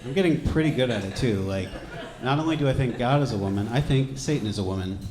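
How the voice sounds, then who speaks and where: A man from Georgia doing a stand-up set, wry and deadpan, with throwaway asides. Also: medium pitch, fast talker, very noisy. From Georgia, USA. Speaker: stand-up comedian. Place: comedy club stage. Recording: echoey club with loud crowd laughter. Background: audience laughing.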